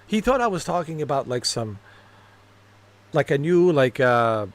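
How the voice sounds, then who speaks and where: A man's voice: on the high side, very animated, a little slow. A man streaming games, telling rambling stories in casual chat, laughing at his own jokes and cursing freely. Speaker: gaming streamer.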